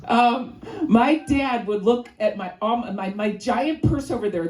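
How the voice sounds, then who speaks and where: A woman's voice: on the high side, unhurried, darkish tone. A woman from Chicago with a nasal voice and a Chicago accent doing a rambling, crude, self-deprecating stand-up set. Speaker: stand-up comedian. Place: stage in a comedy venue. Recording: echoey room.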